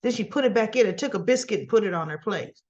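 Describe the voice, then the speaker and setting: A woman's voice: medium pitch, lively intonation, fast, a little mellow, dull audio. A woman casually recapping a soap opera episode, acting out the characters' lines as she retells each scene.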